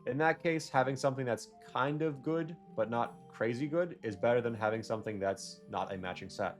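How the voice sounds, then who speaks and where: Faint music plays behind this gaming video creator, a young man with a mid-range voice who speaks a little fast. His gameplay commentary is casual and meandering, full of self-corrections and joking tangents.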